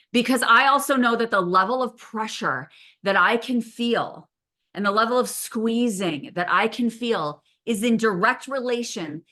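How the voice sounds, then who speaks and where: A middle-aged woman, the host, keeps a podcast conversation relaxed, telling stories animatedly and swearing casually. Her medium-pitched voice is bright and forward.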